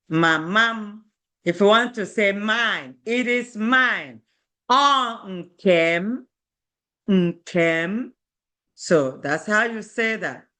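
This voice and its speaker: A woman with an Igbo accent teaching a language lesson, slowly repeating words for her students to learn. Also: mid-range voice, bright, forceful tone. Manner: slow and deliberate, repeating words for drill. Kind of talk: slow classroom teaching.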